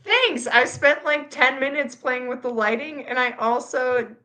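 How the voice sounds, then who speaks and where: A woman's voice: sits high, measured pace, pushed and bright. A woman co-hosting a casual livestream chat, talking over a video call with lots of fillers and restarts. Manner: chatty, hesitant, filler-heavy. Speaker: co-host.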